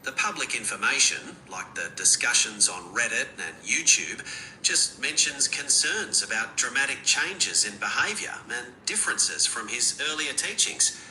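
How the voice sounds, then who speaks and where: Synthetic male assistant voice, Australian accent, very bright and lively, laid-back and slangy, roomy playback. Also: mid-range voice, moderate pace, slight background noise. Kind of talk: conversational answers.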